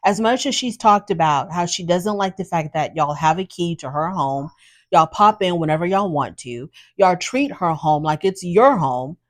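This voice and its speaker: A woman, hosting and giving opinionated, animated commentary on a show and acting out quotes in her own voice. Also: on the low side, normal speed. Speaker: host recapping a reality show. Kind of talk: casual commentary.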